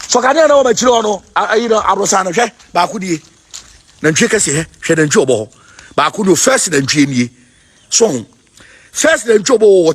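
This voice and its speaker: A man with a Ghanaian accent, preaching in an excited chanting call-and-response style, repeating his phrases over and over. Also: high voice, slightly rough. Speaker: self-styled spiritual leader.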